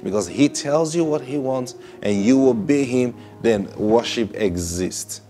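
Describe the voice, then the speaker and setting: A man preaching a sermon in an animated way, acting out quoted people and repeating words. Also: mid-range voice, unhurried, soft background music.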